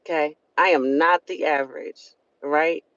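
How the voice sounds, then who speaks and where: A woman's voice: low voice, steady tone, unhurried, a bit bright, no echo. A woman with a Southern US accent, hosting a live stream and giving an earnest, preachy motivational talk that repeats phrases for emphasis. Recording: dull lo-fi sound.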